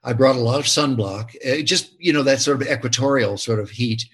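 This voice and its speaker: Older male actor, husky voice, expressive and rambling, casual interview. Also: medium pitch, brisk. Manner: expressive storyteller, many restarts and fillers. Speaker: actor interviewed about his film.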